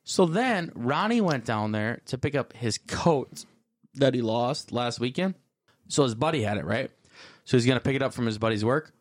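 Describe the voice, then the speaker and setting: Brief: animated male co-host, acts out quotes in voices, very expressive pitch, dry room. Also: moderate pace, no echo. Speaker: podcast co-host. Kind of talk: casual storytelling chat.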